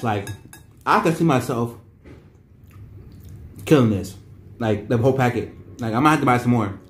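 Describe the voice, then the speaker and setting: A man's voice: medium pitch, lively intonation, normal speed, long pauses, roomy sound, slight background noise. A man talking casually as he reviews noodles for his vlog, rambling and restarting his sentences often. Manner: rambling, repeats himself with many restarts and fillers. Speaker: vlogger.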